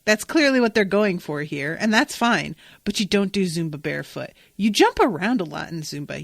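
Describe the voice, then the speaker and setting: A woman's voice: mid-range voice, fairly bright tone, dry recording, studio quality. A woman hosting a podcast, recapping an episode in casual, enthusiastic, emphatic chat with some swearing. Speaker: podcast host.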